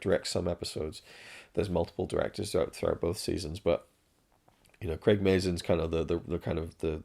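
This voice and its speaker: A man with a very low, gravelly voice talks through a show review in a loose, rambling way. He swears freely and keeps restarting his sentences, frank and casual throughout. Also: a little mellow.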